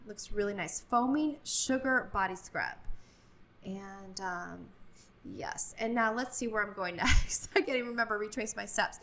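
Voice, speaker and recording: Woman, casual store vlog, gushing and chatty, slightly high voice, handheld phone, indoor shop. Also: a bit bright. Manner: chatty and gushing, many fillers. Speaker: vlogger. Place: large retail store, indoors.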